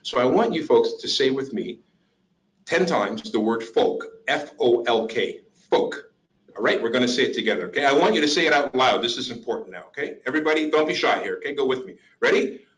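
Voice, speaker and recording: A man presenting an interactive workshop, animated and coaxing the audience to join in. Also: medium pitch, a little fast, poor audio. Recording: online webinar.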